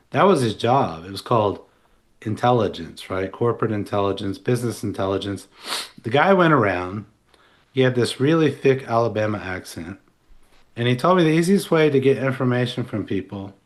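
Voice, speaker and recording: A man co-hosting a podcast, talking in a loose, rambling way with restarts and asides. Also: mid-range voice. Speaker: podcast co-host. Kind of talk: casual analytical chat.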